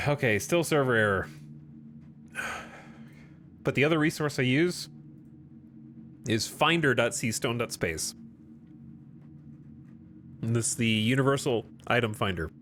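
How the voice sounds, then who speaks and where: A man streaming a game and chatting with his viewers at an unhurried pace. He keeps clearing his throat and coughs now and then from choking. Faint ambient noise sits behind him. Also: medium pitch, lively intonation, fairly bright tone. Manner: talks to chat while playing, with frequent throat clearing. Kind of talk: live gameplay commentary.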